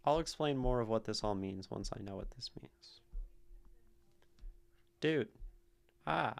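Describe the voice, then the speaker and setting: A man's voice: on the low side, animated, a little slow, gravelly. A man hosting a live stream, casually analyzing poetry and thinking aloud as he taps out rhythms in syllables. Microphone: streaming mic.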